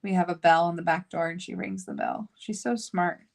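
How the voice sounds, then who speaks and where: A woman's voice: on the low side, fairly even intonation, moderate pace. A woman hosting a card-making video, chatting casually and thinking aloud as she works. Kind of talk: casual crafting tutorial chat.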